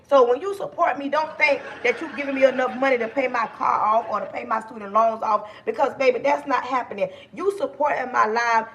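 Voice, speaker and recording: Woman, middle-aged, livestream host, gravelly voice, loud, passionate, preachy. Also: on the high side. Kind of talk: casual livestream talk to viewers.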